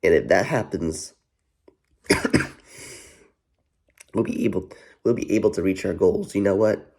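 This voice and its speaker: Gravelly low-voiced man rambling. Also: measured pace, long pauses, warm tone. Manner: rambling, heavy filler "you know what", profane, repeats himself. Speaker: vlogger. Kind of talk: casual rambling commentary.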